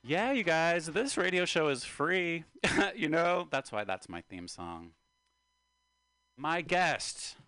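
Brief middle-aged male radio host, playful and lively, swings his pitch a lot, sits close to a dry, dead studio mic. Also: slow, smooth, no echo, soft background music. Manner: joking, animated, talks over his guest. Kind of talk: casual studio chat. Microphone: studio microphone.

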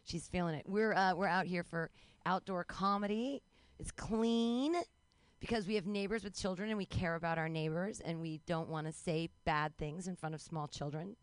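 A woman's voice: moderate pace, clear, resonant tone, no echo. Rambling self-mocking woman comedian. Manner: rambling, self-mocking, bursts of high-pitched mock panic. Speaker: stand-up comedian. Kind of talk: stand-up comedy set. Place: outdoor comedy show.

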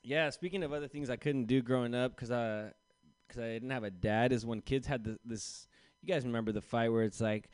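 A man's voice: medium pitch, a little fast, smooth, no room sound. A young man doing a stand-up set, telling a self-deprecating story loosely and putting on voices for the people in it. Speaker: stand-up comedian. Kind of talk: stand-up set at an open mic.

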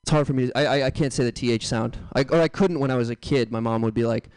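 Rowdy male stand-up comic, smooth dry voice. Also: medium pitch, fast talker, dry recording. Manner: loud, jokey crowd banter with sudden yelps. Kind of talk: stand-up comedy set. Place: comedy club stage.

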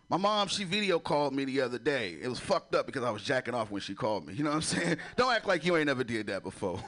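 Fairly high in pitch and a bit bright, this comedian delivers crude stand-up in a relaxed, conversational way. He chuckles at his own material, mentions having a son, and keeps tossing in "you know."

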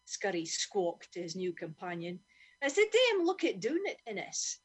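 A woman telling a story in broad Doric Scots dialect, reading with lively expression. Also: mid-range voice, unhurried, breathy edge.

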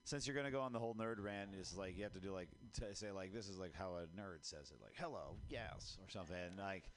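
A man's voice: low voice, quick pace. A man giving another comic coaching notes in a workshop, leaning on "like" a lot. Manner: coaching, repeats "like" often. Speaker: fellow comedian giving notes. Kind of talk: workshop feedback.

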